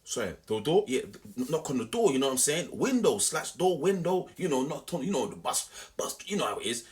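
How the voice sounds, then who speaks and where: A young man telling a story to camera in an animated, slangy, repetitive way. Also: medium pitch, fairly quick. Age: young adult. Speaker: vlogger.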